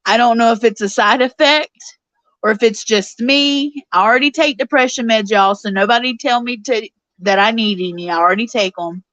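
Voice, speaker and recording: A woman's voice: fairly high pitch, moderate pace, fairly bright tone, no room sound. Emotional woman hosting a chat stream. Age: 40s. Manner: emotional, tearful, chatty with viewers. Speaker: show host reading live chat. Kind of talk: casual live-stream chat. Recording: dull, lo-fi sound.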